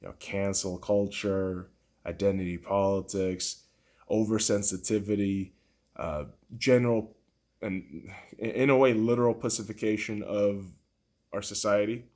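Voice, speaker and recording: A man speaking a little slowly in a steady tone hosts a podcast, where he rants about politics. His rant is heated, profane and mocking, alternating between loud outbursts and quiet muttering.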